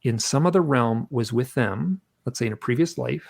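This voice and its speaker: A man with a middle-pitched voice and a gravelly edge. He tells his story as an interview guest, animated, acting out the voices of the people in it. He sounds dry and close. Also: normal speed, no echo. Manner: animated, acts out his own shouting and quotes.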